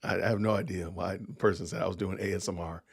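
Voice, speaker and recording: A man's voice: deep voice, fairly even intonation, fast talker, gravelly, slightly rough. A middle-aged man hosting a podcast livestream, rambling in casual commentary and talking straight to his chat. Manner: rambling, talks to chat directly. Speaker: podcast host reacting to news clips.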